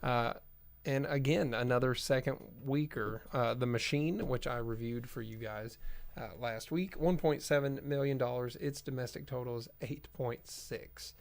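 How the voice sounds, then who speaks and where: A man's voice: medium pitch, normal speed, gravelly. A man co-hosting a movie podcast, reading box office figures in a matter-of-fact, casual way. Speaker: podcast co-host.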